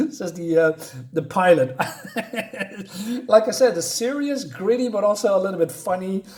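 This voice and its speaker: A man's voice: high-pitched, expressive, slow, a little mellow. A man casually reviewing a comic book, chatty and chuckling at his own jokes, with lots of fillers.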